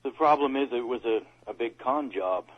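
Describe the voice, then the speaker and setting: A man co-hosting a casual talk radio discussion, who pauses and repeats words as he talks. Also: medium pitch. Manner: reads quotes aloud, pauses and repeats words. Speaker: co-host. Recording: dull lo-fi radio audio.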